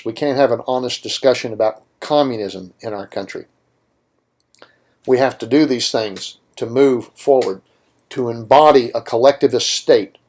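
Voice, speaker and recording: A man at mid pitch holds forth on talk radio. He speaks emphatically and with firm opinions, and he drives his points home with rhetorical questions. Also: darkish tone. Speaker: radio show host. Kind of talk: political talk radio monologue.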